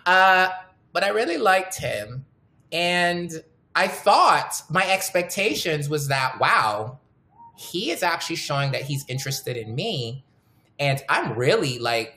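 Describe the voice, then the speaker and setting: Female podcast host, deep-toned, frank storyteller, roomy echo. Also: fairly bright tone. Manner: candid, storytelling, swears freely. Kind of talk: casual podcast chat.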